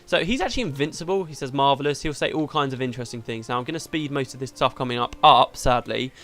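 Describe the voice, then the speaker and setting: A man's voice: medium pitch, fast talker, a bit bright. A man hosting a let's play, chatting casually through the game and laughing easily.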